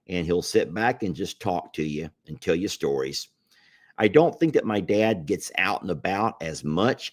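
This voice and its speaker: Man, middle-aged, fairly low pitch, lively intonation, easygoing drawl, casual livestream chat. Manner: easygoing drawl, laughs easily. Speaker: livestream host reading viewer comments.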